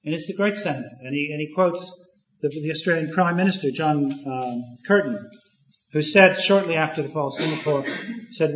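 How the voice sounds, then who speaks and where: A man's voice: on the high side, fairly bright tone. Man lecturing in an echoey room. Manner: thoughtful, halting, with many restarts and fillers. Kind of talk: academic lecture. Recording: echoey, dull lo-fi room recording.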